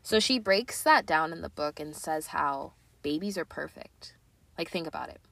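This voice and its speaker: A woman's voice: low-pitched, expressive, moderate pace, gravelly, a bit bright, no echo. Earnest chatty young woman, dry sound. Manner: earnest, chatty, many "like" and "right?" fillers. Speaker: podcast host. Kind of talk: casual confessional chat.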